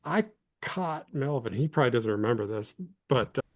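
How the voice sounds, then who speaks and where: A former lineman in his fifties, originally from Illinois, rambles through his stories with easy self-deprecation. His voice sits at an ordinary male pitch and comes across dry and close, with no room around it. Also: lively intonation, moderate pace, no echo. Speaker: guest, former college football lineman. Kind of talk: casual interview storytelling.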